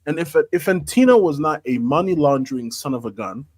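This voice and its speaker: A man's voice: fairly high pitch, animated, fairly quick, no room sound. A man giving blunt, laughing opinions as a panelist in a casual football chat.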